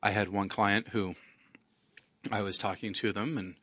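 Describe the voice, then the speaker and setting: Male radio host with hiccups, lowish pitch, casual rambling delivery, dry close studio mic. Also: steady tone, measured pace, a bit bright, no echo. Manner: rambling, conversational, with restarts. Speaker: radio host, estate attorney.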